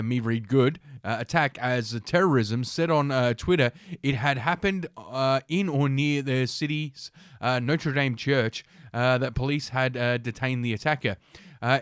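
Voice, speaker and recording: A man hosting a podcast, reading news aloud with sarcastic asides, halting and full of filler sounds. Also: medium pitch, a bit bright, clear, resonant tone, dry recording, studio quality. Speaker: podcast host.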